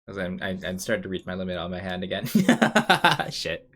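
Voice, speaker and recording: A man's voice: sits low, big pitch swings, moderate pace, a bit bright. A young man chatting casually while he draws on a live stream, rambling and muttering to himself with a self-mocking manner. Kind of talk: casual chat while drawing.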